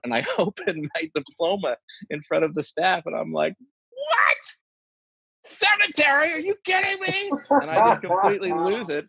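A man's voice: a little high, gravelly, slightly rough, no echo, dull audio. A man telling a long funny story among friends, acting out the quoted lines with energy. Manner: animated anecdote teller, acts out quoted lines.

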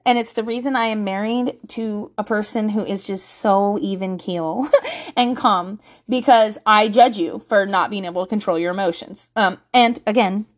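A woman in her thirties telling a story in a casual way, blunt and profane, acting out what people said. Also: medium pitch. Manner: blunt, profane, animated storytelling with acted-out quotes.

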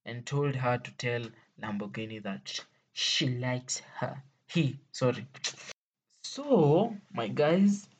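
Unhurried Kenyan storyteller, playful and laughing. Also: mid-range voice, slightly rough. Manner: playful, exclaiming, laughing often, mixing English with Swahili slang. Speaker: vlogger telling stories. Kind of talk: casual storytelling to viewers.

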